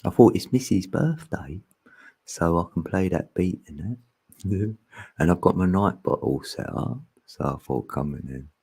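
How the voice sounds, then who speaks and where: Deep husky man chatting on a livestream. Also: animated, normal speed, warm tone. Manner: joking, rambling, laughs often, sings loosely. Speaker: livestream host. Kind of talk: casual live stream chat.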